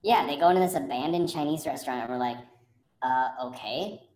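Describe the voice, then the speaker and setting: A woman with a slightly low voice tells a rambling story in casual chat, breaking into laughter and acting out what other people said. The room has a roomy echo. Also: brisk, a little hiss or hum. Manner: animated, laughs often, acts out other people's lines. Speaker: podcast co-host telling a story.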